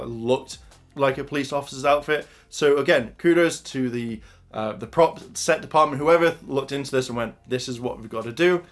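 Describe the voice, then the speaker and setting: Male reviewer, mid-pitched, loose and chatty, rambles with fillers. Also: fairly bright tone. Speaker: episode reviewer. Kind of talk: casual spoken review.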